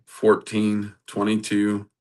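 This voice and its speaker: A man's voice: lowish voice, completely flat delivery, slow, a little mellow. A man teaching from the Bible in a sermon style, reading scripture aloud and building to emphatic, repeated phrases. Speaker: preacher.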